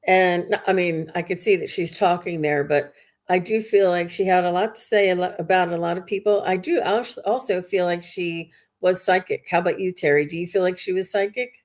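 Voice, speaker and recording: A woman's voice: fairly low pitch, fairly quick. A woman hosting a live psychic reading, talking in a chatty, rambling way with many fillers and restarts. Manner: chatty, filler-heavy, restarts mid-sentence. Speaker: psychic medium host.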